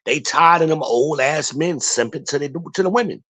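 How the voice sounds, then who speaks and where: A man's voice: fairly high pitch, normal speed, sharp tone. A man hosting a casual stream, ranting bluntly with lots of cursing and rambling asides. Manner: blunt, profane, rambling rant. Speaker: channel host.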